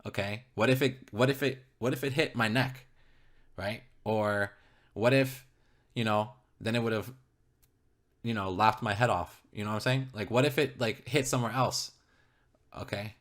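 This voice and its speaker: A man's voice: lowish voice, normal speed, fairly bright tone. A man telling a personal story to an interviewer, repeating himself, swearing heavily and constantly checking in with "okay?". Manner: repetitive, keeps checking in with "okay?"; emphatic, heavy swearing.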